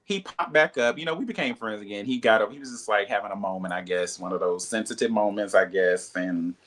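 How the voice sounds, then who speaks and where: A man with a bright, forceful voice tells his side of a reality-show falling-out in an interview. He talks in a loose, candid way, full of "like" and "you know," and acts out other people's lines. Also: fairly quick. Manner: animated, acts out quoted dialogue in a higher voice; frequent "like" and "you know" fillers. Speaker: reality TV cast member, guest.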